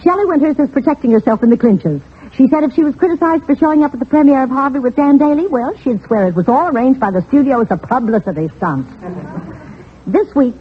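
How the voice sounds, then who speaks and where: Lively woman reading gossip. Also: on the high side. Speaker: gossip columnist host. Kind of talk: newsreel gossip narration. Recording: tinny, husky old radio recording.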